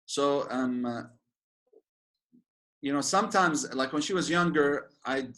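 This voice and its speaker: A sheikh giving an informal religious lecture, chatty and joking, with many fillers and restarts. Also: male voice, fairly high pitch, a little slow, fairly bright tone. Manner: laughs at his own jokes.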